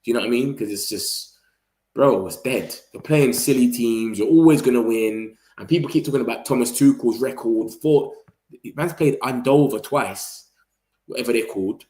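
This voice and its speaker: A man's voice: medium pitch, normal speed, mellow, reverberant. A young man, chatting casually and rambling about football on a live stream. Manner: rambling, slangy, reacts to the match. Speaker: football vlogger.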